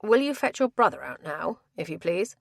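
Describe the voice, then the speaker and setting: A woman reading a calm, commanding gentleman investigator with crisp formal speech. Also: on the low side, normal speed, no echo, clean studio sound, heavily acted.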